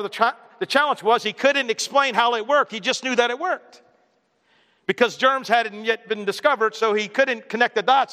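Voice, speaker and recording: A man's voice: high voice, sharp tone, long reverb tail. A male pastor preaching a sermon in a conversational way, often putting questions to the congregation.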